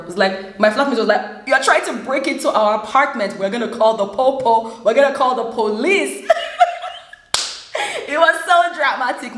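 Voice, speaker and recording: A young woman with a Nigerian English accent, telling a personal story to camera, animated and laughing often. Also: medium pitch. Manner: animated, laughs often, acts out quoted voices. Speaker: vlogger. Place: room in a flat in Germany. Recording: echoey room.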